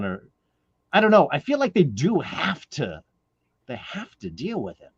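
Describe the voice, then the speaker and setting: A man's voice: a little high, wildly swooping pitch, measured pace, husky, no echo. A man hosting a casual podcast discussion, talking in a thoughtful, rambling way with lots of fillers, recorded on a dull lo-fi mic. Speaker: podcast host.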